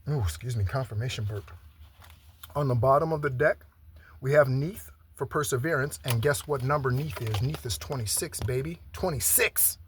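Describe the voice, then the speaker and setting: Man, spiritual card reader, mid-pitched and chatty, faint hiss behind. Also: normal speed. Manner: chatty, repeats "okay?" often. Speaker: tarot reader. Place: home in Southern Arizona.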